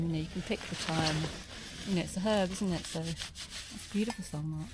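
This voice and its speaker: A woman from South East London vlogs from inside a small tent in winter, chatting to the camera and musing aloud on a casual solo camping trip. Her voice is on the low side and her pace is normal, with background noise in the recording.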